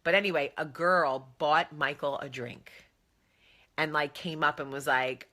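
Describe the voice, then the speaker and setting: A woman in her thirties, a vlog host telling chatty, animated stories about her family. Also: deep voice, unhurried. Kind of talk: casual chat.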